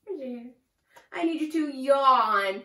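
A woman teaching a preschool lesson to young children, with a slow, sing-song and exaggerated teacher delivery. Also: sits high, lively intonation, bright, forceful tone. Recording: echoey room, far from mic.

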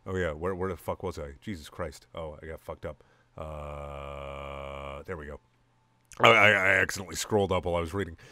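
A low-voiced man reads out absurd fiction in a mock-serious, deadpan way and curses at his own slips. The recording is dry and close. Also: dry recording. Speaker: reader of comedy fan fiction. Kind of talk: mock-serious dramatic reading.

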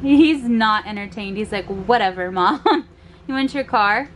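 High-voiced playful vlogging mom. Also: female voice, unhurried, a little hiss or hum. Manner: playful baby talk with toddler, frequent laughs. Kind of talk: casual home vlog chat. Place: at home.

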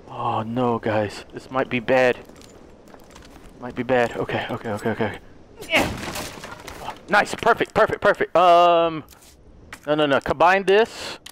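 High-voiced excitable male gamer, lively delivery over game music, taunts and yelps. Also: a little hiss or hum. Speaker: gamer playing a horror game. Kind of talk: let's play commentary.

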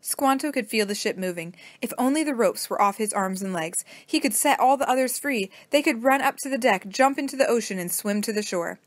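A woman reading a children's storybook aloud as narrator, in a steady, plain manner. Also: a little high, brisk, hardly any pauses, no room sound.

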